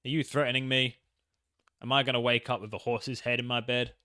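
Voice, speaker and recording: A man's voice: mid-range voice, little pitch movement, a little fast, bright, forceful tone, smooth, no room sound, studio quality. A man casually commenting on a game he is playing, joking and mocking himself as he reads the text aloud. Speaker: gaming channel host. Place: home setup, in England.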